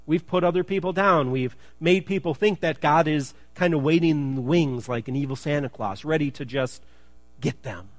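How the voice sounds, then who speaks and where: A man's voice: on the high side, moderate pace, no echo. A male pastor preaching a sermon in church, chatty and joking, then building to emphatic repetition.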